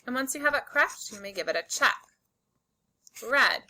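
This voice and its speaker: A woman teaching a slow, patient phonics lesson to young children, stretching out and repeating each word for emphasis. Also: high-pitched, animated, bright, forceful tone, poor audio. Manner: drawn-out, emphatic word repetitions.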